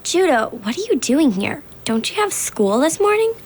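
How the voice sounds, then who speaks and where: A nervous, dutiful assistant. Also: female voice, high voice, big pitch swings, normal speed. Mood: polite. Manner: polite, anxious, hesitant. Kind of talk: children's radio drama acting.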